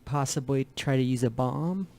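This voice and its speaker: A man's voice: mid-range voice, normal speed, darkish tone. A man playing a tabletop game, casually asking rules questions. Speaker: player.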